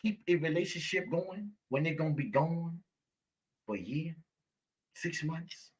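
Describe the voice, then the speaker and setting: Speaking a little slowly, a live stream host lectures viewers preachily, repeats himself, and addresses them as baby. His fairly high, slightly rough voice carries lively intonation.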